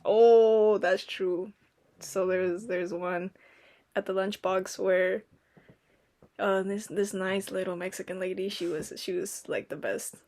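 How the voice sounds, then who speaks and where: A woman's voice: medium pitch, steady tone, takes it slowly, a little mellow. Chatty young woman telling stories. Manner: rambling storytelling, lots of "like" and "um", acts out quotes. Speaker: podcast co-host. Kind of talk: casual chat.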